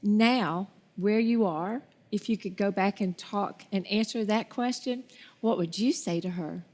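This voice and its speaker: A woman's voice: mid-range voice, unhurried, darkish tone. A woman hosting a Christian talk show, speaking with effusive, faith-filled encouragement.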